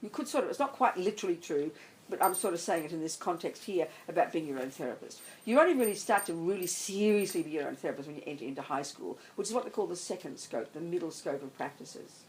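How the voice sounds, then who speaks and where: A woman's voice: lowish voice, a little mellow, slight background noise, poor audio. A woman, a Buddhist nun, giving an emphatic, blunt dharma talk to a group. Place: meditation centre hall.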